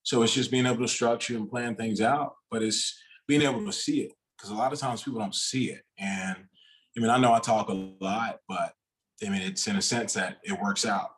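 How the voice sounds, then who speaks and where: A man's voice: fairly low pitch, steady tone, a little fast. A man talking as a podcast guest in a casual, rambling way, with loose, restarting sentences. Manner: rambling, many fillers and restarts.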